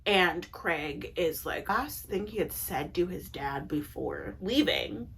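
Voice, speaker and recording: A woman's voice: on the low side, lively intonation, takes it slowly, a bit bright, a little hiss or hum. A young adult woman recapping TV episodes in a casual, chatty way, with lots of "like" and blunt opinionated asides. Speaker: TV recap vlogger.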